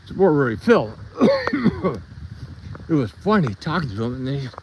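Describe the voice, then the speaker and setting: A man's voice: on the high side, wildly swooping pitch, normal speed, darkish tone, lo-fi sound, slight background noise. A man telling a rambling story in a casual live stream while walking his dogs on a trail outdoors, a bit out of breath.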